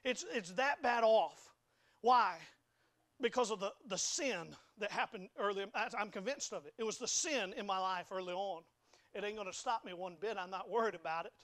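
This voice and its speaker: In a church sanctuary, a young pastor with a high, fairly bright voice preaches at normal speed. The sermon comes across folksy and forceful, with frequent stammering and repetition.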